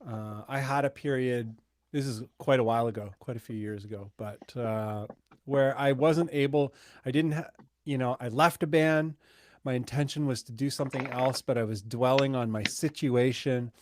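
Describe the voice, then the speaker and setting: A man's voice: medium pitch, steady tone, moderate pace, no room sound, studio quality. A man in his thirties co-hosting a podcast in casual chat, easygoing and rambling, laughing often. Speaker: podcast co-host.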